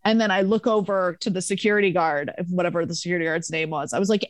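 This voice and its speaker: A young woman, a former bar manager, telling a story in casual podcast chat, animated and profane, acting out the people she quotes. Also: mid-range voice, quick pace, few pauses, no room sound, clean studio sound.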